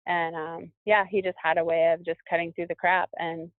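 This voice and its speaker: A woman, a professional skier, talking casually in an interview and often pausing with fillers as she looks for words. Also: fairly low pitch, little pitch movement, dry recording. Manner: thoughtful, searching for words with many fillers. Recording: dry, tinny phone-like line.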